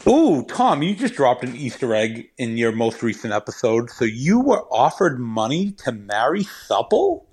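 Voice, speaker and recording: A man's voice: medium pitch, sing-song, normal speed, hardly any pauses, darkish tone, slightly rough. A man calling in to a podcast, teasing and coaxing the host. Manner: pleading, teasing.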